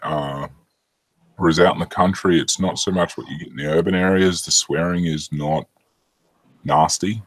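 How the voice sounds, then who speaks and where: Husky deep-voiced man chatting. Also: fairly even intonation, moderate pace, no echo, poor audio. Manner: rambling, swears freely. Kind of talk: casual chat.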